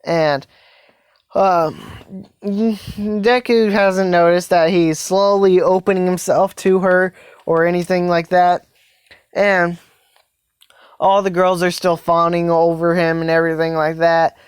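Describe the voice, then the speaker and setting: A woman with a lowish voice improvises a fan story, rambling along with lots of fillers and tacked-on phrases. The recording is dry and close, with no room sound. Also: steady tone, slow, clear, resonant tone, no echo.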